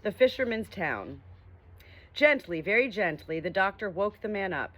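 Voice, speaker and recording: A woman reading a children's story aloud with gentle, expressive narration. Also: medium pitch, normal speed. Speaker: audiobook reader.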